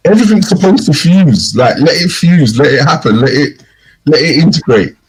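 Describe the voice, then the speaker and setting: A man's voice: a little high, expressive, moderate pace, slight background noise, rough recording. A man co-hosting a podcast in casual chat, telling stories animatedly and mimicking slang phrases. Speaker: podcast co-host.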